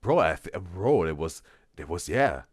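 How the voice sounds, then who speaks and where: Male live streamer, low voice, animated, dry room; rambles and reads chat. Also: moderate pace, no room sound. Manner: rambling, repeats words, reads chat aloud. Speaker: reaction streamer.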